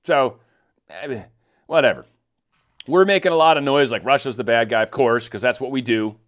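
A man's voice: medium pitch, moderate pace. Blunt rambling man commentator. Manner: blunt, rambling, with frequent restarts. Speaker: political commentary host. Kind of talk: casual unscripted commentary.

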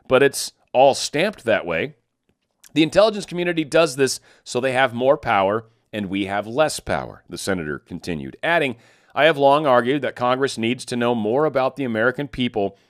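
A man's voice: medium pitch, animated, moderate pace, dry recording, studio quality. A man hosting casual news commentary, reading stories and tossing in sarcastic asides, stumbling over foreign names. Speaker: political commentary host.

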